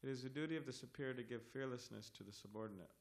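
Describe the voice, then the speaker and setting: A man leading a scripture class in a temple hall, reading verses and commentary aloud in a measured, word-by-word manner. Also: mid-range voice, vocal fry.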